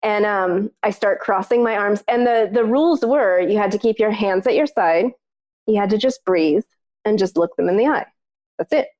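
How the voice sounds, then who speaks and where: A woman co-hosting a podcast, telling a personal story in casual chat, lively and peppered with "like", acting out what others said. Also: mid-range voice, normal speed. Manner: animated, acts out other people's lines in the story; frequent filler "like". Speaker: podcast co-host.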